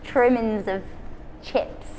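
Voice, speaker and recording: A woman's voice: fairly high pitch, steady tone, takes it slowly, a little mellow. An English woman assisting in a salon, playful and cheerful, chatting and reading out viewer messages. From England. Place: hair salon. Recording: echoey salon with faint background noise.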